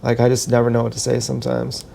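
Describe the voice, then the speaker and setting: A man talks to camera in a loose, wandering monologue, poking fun at himself and circling back on his own thoughts. His voice sits low and mellow with a gravelly fry running through it. He moves while he talks, dancing as he rambles. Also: completely flat delivery, fast, slight background noise. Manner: meandering, self-mocking, thinks aloud with many restarts. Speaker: vlogger.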